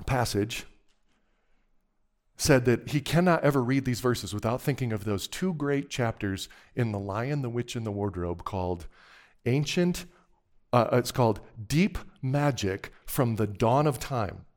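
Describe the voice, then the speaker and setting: A man's voice: mid-range voice, darkish tone. A man preaching a sermon and retelling a story in a conversational way, with asides to his listeners.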